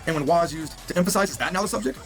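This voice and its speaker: A man's voice: on the high side, very fast, a bit bright, soft background music. A man teaching a recorded language lesson, upbeat and joking as he explains grammar rules.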